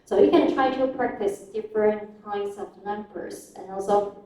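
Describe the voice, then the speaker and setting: A woman with a mellow, soft-edged voice lectures as a university English teacher, explaining phrases patiently and slipping into Mandarin. She is heard from some distance in a strongly echoing classroom. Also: mid-range voice, moderate pace. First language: Mandarin Chinese. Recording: very echoey room, voice far from the mic.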